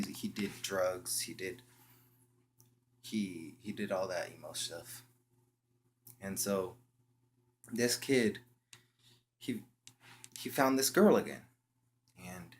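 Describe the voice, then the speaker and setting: A young man telling a story in a casual, slangy way, halting often and restarting his sentences. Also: sits low, slight background noise. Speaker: vlogger.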